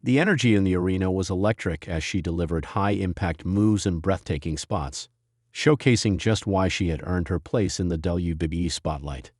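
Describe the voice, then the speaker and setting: Guy narrating a drama story, really low voice, dry no room sound. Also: normal speed, a little mellow, dry recording.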